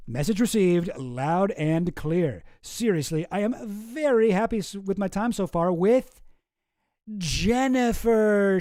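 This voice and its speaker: A man's voice: high voice, warm tone, no room sound, clean studio sound. A man hosting a live stream, chatting casually and rambling with lots of swearing and restarts. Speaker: streamer host.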